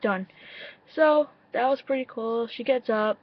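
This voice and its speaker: Speaking a little slowly in a somewhat high voice, a young woman films a casual reaction vlog about a music video. She gushes, laughs often, swears without restraint, and repeats her own reactions. Her webcam captures dull, dry, lo-fi sound.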